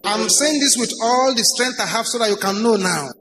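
A high-voiced man with a Nigerian English accent preaches with force, hammering home repeated phrases and letting his pitch climb and drop. Faint background noise sits behind him in a church hall. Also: moderate pace, pushed and bright. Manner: emphatic, repeats key phrases, swings between high and low pitch. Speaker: pastor. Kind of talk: sermon.

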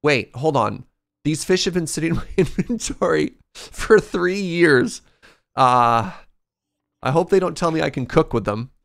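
A man streaming a video game live, with playful, excitable commentary. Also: on the high side, measured pace, gravelly.

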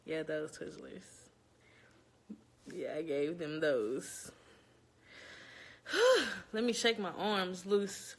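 A woman's voice: on the low side, lively intonation, drawn-out words, long pauses, husky. A young woman from Louisiana, chatting casually to viewers at home while nervous before an interview. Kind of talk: casual chat. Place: home, indoors.

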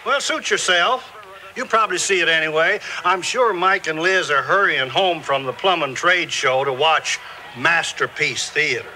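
Sitcom casting: an older man as a sly, bantering grandpa, high voice, VHS tape hiss. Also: moderate pace, close to an everyday voice. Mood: teasing. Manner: bantering, crafty deal-making. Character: wisecracking old grandfather, baseball fan. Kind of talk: 1980s sitcom acting. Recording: noisy old VHS TV broadcast.

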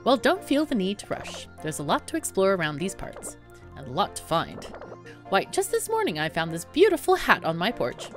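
A woman's voice: medium pitch, wildly swooping pitch, moderate pace, faint music behind. A woman voicing a chatty, motherly female fruit villager in a cartoonish video game, reading the lines plainly and folksy. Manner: friendly, folksy, read aloud plainly.

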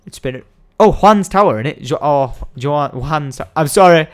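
Brief: young man, animated, up-and-down voice, chatty gaming commentator who breaks into sudden shouts. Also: fairly high pitch, moderate pace. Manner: excitable, coaxing, bursts into shouts and laughter. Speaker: gaming video host. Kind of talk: let's-play commentary.

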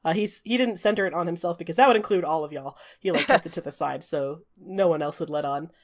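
A woman's voice: fairly low pitch, fast. A woman narrating a tabletop game as game master, chatty, with many fillers and restarts. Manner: chatty, frequent "uh" fillers, restarts mid-sentence.

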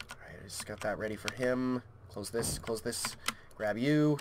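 A man's voice: medium pitch, normal speed, noisy background. A man commentating a horror game into a headset mic, frantic and yelping, swearing constantly. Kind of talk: panicked horror-game let's play commentary.

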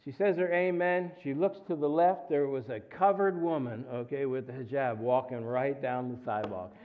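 A man preaching a guest sermon in a church, animated and full of jokes and asides as he tells stories. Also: mid-range voice, normal speed. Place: church sanctuary. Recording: phone-like narrow sound.

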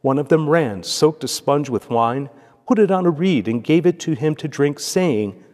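Solemn priest in a reverberant church. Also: male voice, on the high side, lively intonation, a little mellow. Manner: measured, solemn liturgical delivery. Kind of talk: reading scripture aloud and preaching. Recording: long echoey church reverb.

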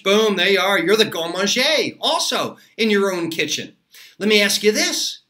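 Upbeat chef with a bright voice. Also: male voice, sits high. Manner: upbeat and chatty, laughs often, many fillers. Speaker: chef and cooking instructor. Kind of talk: casual cooking lesson to camera.

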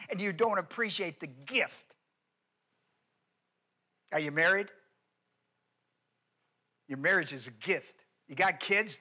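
Bright, high-voiced male preacher. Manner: emphatic preaching with repetition, swings from loud to hushed. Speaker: pastor. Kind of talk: sermon.

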